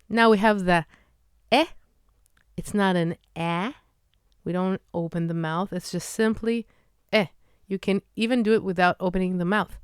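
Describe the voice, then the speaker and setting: A woman with an Israeli accent, a Hebrew teacher, slowly demonstrating vowel sounds in a pronunciation lesson. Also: mid-range voice, clean tone, no room sound, clean studio sound. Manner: slow, demonstrative, drawn-out vowel drills.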